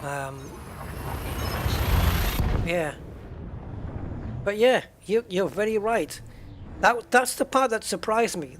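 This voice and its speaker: A man in his fifties from the UK, speaking with a British accent. He rambles in a relaxed, joking way while streaming a space game, and his voice sits a touch higher than most men's. A faint hum runs underneath. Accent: British English. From United Kingdom. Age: 50s. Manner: rambling, chatty, jokey asides. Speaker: gaming streamer. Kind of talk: casual chat while playing a space game.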